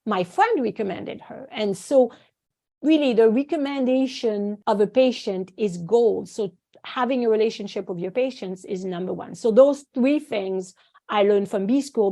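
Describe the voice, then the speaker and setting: A fairly high-voiced French-born woman, first language French, talking as a guest on a podcast interview. She tells stories with lively energy, acting out the voices of the people she quotes. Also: moderate pace. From France. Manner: animated storytelling, acts out quoted voices. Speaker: guest, acupuncturist and course founder.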